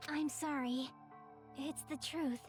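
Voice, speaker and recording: A soft-spoken young girl from a video game speaks in a high, gentle voice. She sounds measured and hesitant, choosing each word with care. Faint music sits under her lines. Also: steady tone. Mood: resigned. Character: calm soft-spoken young girl who confesses as the traitor.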